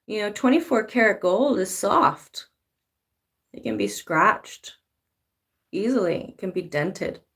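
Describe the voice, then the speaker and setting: A woman's voice: medium pitch, animated, slow, pauses often, fairly bright tone. A woman giving a casual spiritual talk as a tarot reader, swearing freely and now and then acting out pleading voices. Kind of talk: spiritual monologue.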